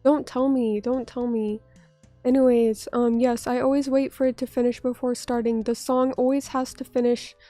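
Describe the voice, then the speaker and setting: A high-pitched woman with a soft, mellow tone, still a bit under the weather, chatting loosely through viewer comments on a livestream. She rambles in a self-deprecating way and drops the odd casual swear. The mic sounds close and dry, with faint music underneath. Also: flat delivery, moderate pace, dry recording. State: still sick, recovering from illness. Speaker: vtuber streamer.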